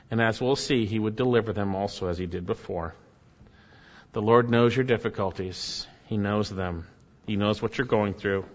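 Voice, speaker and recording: A man preaching a sermon as pastor, repeating key phrases and swinging from loud emphatic peaks down to quiet, low lines. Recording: dull sound with long hall reverb.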